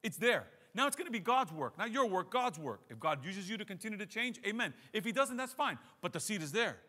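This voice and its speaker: A middle-aged man preaching a sermon as pastor, telling stories in a lively way and acting out scenes with sound effects. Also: sits high, fairly quick. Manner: animated storytelling, acts out scenes with sound effects. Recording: long reverb of a large hall.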